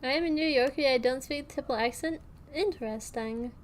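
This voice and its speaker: A woman's voice: high voice, a little fast, slight background noise. A young woman streaming, chatting casually and rambling with lots of fillers and restarts.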